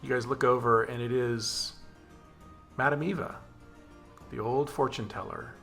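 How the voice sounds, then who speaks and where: A man as game master, narrating a tabletop game in a descriptive, unhurried storytelling way. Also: medium pitch, steady tone, fairly bright tone, soft background music.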